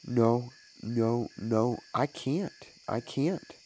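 Storybook little boy caught stealing, read by a man, slow and low, sobbing pleas. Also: slight background noise, low-quality recording. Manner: sobbing, pleading.

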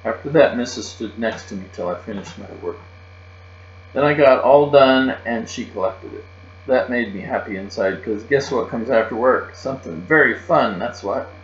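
A man reading a children's chapter book aloud, expressive and lively in a child's first-person voice. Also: mid-range voice, normal speed, faint music behind. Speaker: reader. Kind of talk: storybook read-aloud. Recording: muffled, roomy recording with mains hum.

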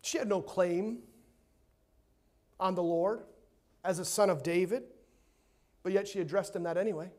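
A man preaching a sermon in a church, emphatic, swinging between loud and hushed and repeating words to stress his points. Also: sits high, moderate pace, pauses often. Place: church sanctuary.

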